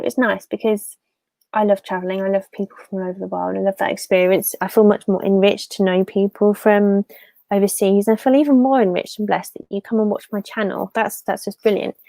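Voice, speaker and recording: Gravelly-voiced English woman chatting on a live stream. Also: mid-range voice, dark tone, no room sound. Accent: English, Fenland. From England. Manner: chatty, rambling, reads out viewer comments. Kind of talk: casual live stream chat.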